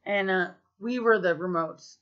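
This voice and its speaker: A woman's voice: medium pitch, unhurried. A woman in her thirties from the United States telling stories to her vlog camera, casual and profane, with lots of fillers. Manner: chatty, profane, full of fillers. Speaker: vlogger. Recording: slightly muffled lo-fi recording.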